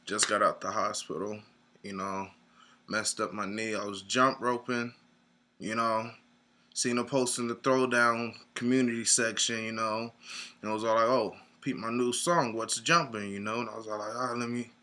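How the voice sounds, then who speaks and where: A man's voice: on the low side, monotone, moderate pace, sharp tone. A young man rambling in a mock-serious rant, whiny and near tears, tacking "man" onto every line. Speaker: comedic sketch performer.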